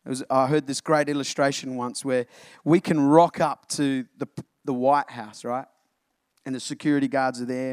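A man preaching an animated sermon to his congregation, often calling them church. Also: medium pitch, moderate pace, smooth, no echo, clean studio sound. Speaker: pastor.

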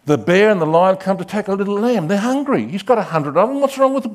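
A male pastor preaching a sermon, dramatic, swinging from loud calls to hushed asides and acting out quoted voices. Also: high voice, animated, fast talker.

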